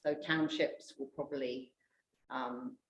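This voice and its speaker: Woman, council officer, very low pitch, measured advice, echoey room, faint hiss. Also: steady tone. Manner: measured, explanatory. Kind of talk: advising at a council hearing.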